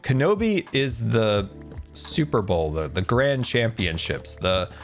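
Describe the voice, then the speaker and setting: A man's voice: lowish voice, sing-song, slow, soft background music. A man streaming casually, ranting animatedly and joking with his viewers.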